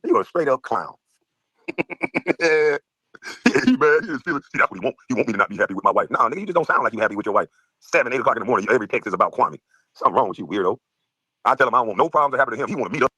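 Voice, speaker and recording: A man ranting fast in a heated podcast chat, mocking and trash-talking with frequent laughs. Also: mid-range voice, big pitch swings, sharp tone, husky, dry recording. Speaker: guest streamer.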